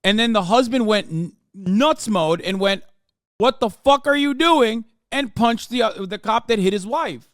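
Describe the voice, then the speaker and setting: Reacting to a video on his live stream, a man in his thirties rants straight at his chat, his outbursts heated and profane. The voice sits high and a bit bright, captured as clean studio sound without echo.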